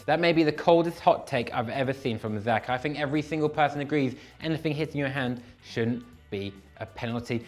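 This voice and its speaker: A young man hosting a casual, comedic show that reads viewer comments, self-deprecating and given to animated bursts. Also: a little high, fast, hardly any pauses, soft background music. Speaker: host reading viewer comments.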